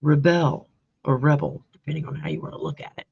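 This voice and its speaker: A woman's voice: sits low, very fast, gravelly, a little mellow, slightly rough. A woman hosting a live stream, chatting with viewers by name and laughing easily as she draws and reads oracle cards. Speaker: live-stream card reader and host. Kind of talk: casual live-stream oracle card reading. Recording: dull lo-fi stream audio.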